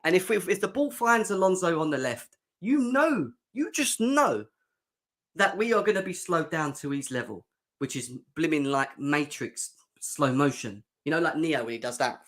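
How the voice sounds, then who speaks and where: A man's voice: fairly high pitch, sing-song, normal speed, a bit bright. A young man hosting a fan livestream, chatting sarcastically and reacting to comments from the chat. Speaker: fan show host.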